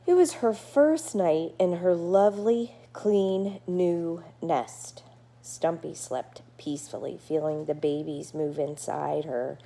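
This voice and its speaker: A woman teacher reading a chapter book aloud to her class, gentle and explanatory. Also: low-pitched, takes it slowly, gravelly.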